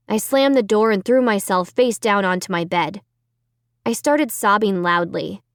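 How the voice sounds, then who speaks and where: Slow, expressive woman audiobook narrator. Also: mid-range voice, clean tone, no echo, studio quality. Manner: dramatic, expressive storytelling. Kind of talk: first-person audiobook narration.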